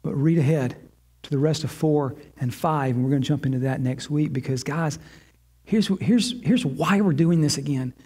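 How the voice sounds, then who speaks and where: A man's voice: a little high, moderate pace, darkish tone, slightly rough. A man preaching a sermon to his church, impassioned and given to repeating phrases in a chanting rhythm. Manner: impassioned, repetitive chanting cadence. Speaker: pastor.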